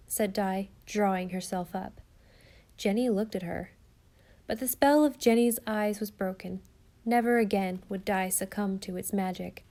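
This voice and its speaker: A woman narrating a storybook in a steady, expressive reading. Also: mid-range voice, a little slow. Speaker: audiobook narrator.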